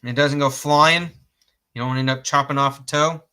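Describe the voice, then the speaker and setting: A man's voice: medium pitch, fairly even intonation, moderate pace, bright, forceful tone, smooth. A man from Georgia, hosting a casual gear review in a rambling, self-correcting way, laughing at his own jokes and cursing mildly. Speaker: host reviewing outdoor knives.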